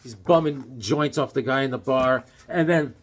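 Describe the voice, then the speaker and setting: A man's voice: medium pitch, normal speed. A man casually reviewing comic books, rambling and joking, with plenty of fillers and "right?" tag questions. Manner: loose and chatty, full of fillers and tag questions; jokey, with puns.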